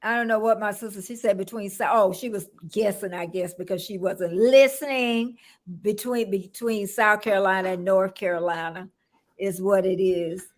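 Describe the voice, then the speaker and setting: A woman's voice: medium pitch, fairly even intonation, normal speed. An older woman from Florida hosting a casual livestream, chatting with a guest and greeting viewers by name with frequent laughter. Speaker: livestream host.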